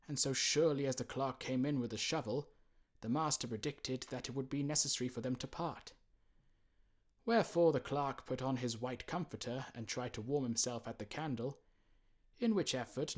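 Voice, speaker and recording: A man narrating a classic storybook in a measured, expressive reading, acting out the quoted characters. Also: medium pitch. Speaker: audiobook narrator.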